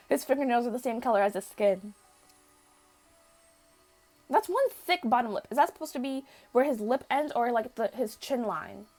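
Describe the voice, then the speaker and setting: A woman's voice: fairly high pitch, darkish tone. A woman giving casual, incredulous and joking commentary while playing a game and reading its text aloud. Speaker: let's play gamer.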